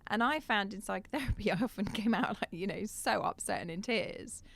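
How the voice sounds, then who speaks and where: A woman's voice: medium pitch, fairly quick, creaky, fairly bright tone. Candid middle-aged woman coach. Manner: reflective, candid, laughs often mid-sentence. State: slight cough. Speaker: coach and guest. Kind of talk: podcast conversation.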